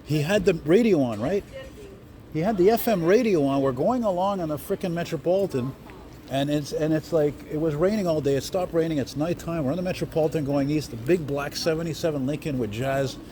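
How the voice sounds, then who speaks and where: Walking city streets at night with a handheld camera, a vlogger host rambles chattily for a casual walking vlog, easily amused by everything. His voice is a little high, fairly quick, and mellow, and the outdoor street is noisy.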